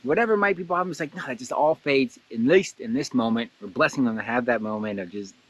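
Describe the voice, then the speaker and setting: A man hosting a casual guided blessing exercise, animated and laughing often, jumping into excited high voices when he quotes someone. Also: quick pace. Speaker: host guiding a blessing exercise. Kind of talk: casual guided meditation talk.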